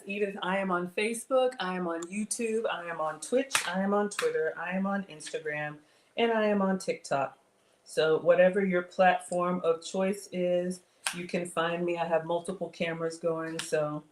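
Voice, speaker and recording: A middle-aged woman with a drawl talks viewers through a recipe live from her home kitchen. Her voice sits a bit low, and the room adds a noticeable echo. She keeps a running, homey chatter, calling everyone y'all. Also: background noise. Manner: chatty, addresses viewers as y'all, reads comments aloud. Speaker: livestream cooking host. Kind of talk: casual live-stream cooking chat.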